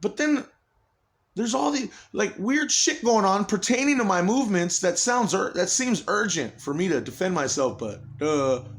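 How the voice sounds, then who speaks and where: A man's voice: high voice, expressive, normal speed, a bit bright. A man in an agitated, rambling personal monologue, swearing heavily and restarting his sentences often.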